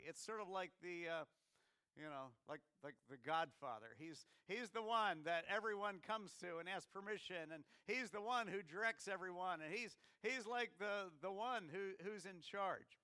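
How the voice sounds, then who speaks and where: A man's voice: high voice, normal speed, sharp tone, clear, resonant tone, dry recording. An American man preaching a conversational sermon with many restarts and questions to the congregation. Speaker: pastor.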